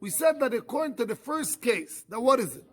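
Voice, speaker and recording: Man, rabbi, high-pitched voice, yeshiva Talmud lecture, rhetorical questions, restarts phrases. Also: very animated, fairly quick, fairly bright tone. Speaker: rabbi teaching a Talmud class.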